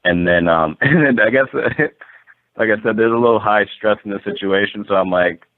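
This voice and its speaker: Deep-voiced man on a tinny line. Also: normal speed. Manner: rambling, animated, lots of "like" and quoted dialogue. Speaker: guest landlord. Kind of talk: casual storytelling.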